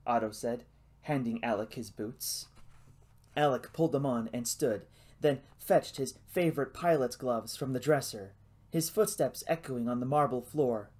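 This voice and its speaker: A man narrating a novel as an audiobook in a hushed, suspenseful reading. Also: medium pitch, normal speed.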